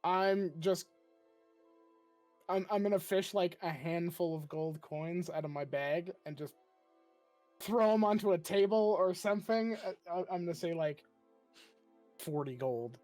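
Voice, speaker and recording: A tabletop game player chats casually, often stumbling through restarts while announcing what their character does. Their voice sits at a mid pitch, and faint music plays behind them. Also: unhurried, long pauses, darkish tone. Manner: laughing, hesitant restarts.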